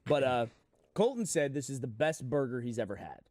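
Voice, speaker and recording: A man's voice: mid-range voice, big pitch swings, moderate pace, a little mellow, no echo, studio quality. A man telling a story on a podcast, chatty and laughing at his own tale. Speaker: podcast regular. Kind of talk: casual storytelling. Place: podcast studio.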